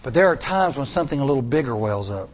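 A man's voice: mid-range voice, expressive, fast, a little hiss or hum. A middle-aged man preaching a sermon to a congregation, with repeated rhetorical questions and rising emphasis. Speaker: pastor.

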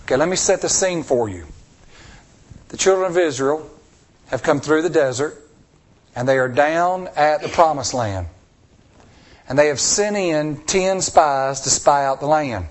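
High-voiced male pastor preaching. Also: unhurried, long pauses. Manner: expressive preaching with rhetorical questions to the congregation; acts out the voices of people he quotes. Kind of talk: sermon.

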